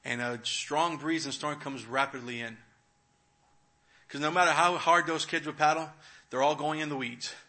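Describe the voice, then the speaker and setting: Bright-voiced male preacher telling a story. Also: on the high side, steady tone, normal speed. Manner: storytelling, dramatic swings between hushed and loud. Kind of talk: sermon. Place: church.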